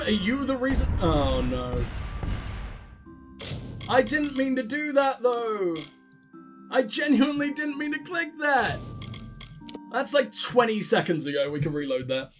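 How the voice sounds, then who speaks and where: Sweary, high-voiced gaming host. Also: male voice, big pitch swings, moderate pace, pauses often, soft background music. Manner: rambling, sarcastic, heavy swearing. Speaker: let's play host. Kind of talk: casual gaming commentary.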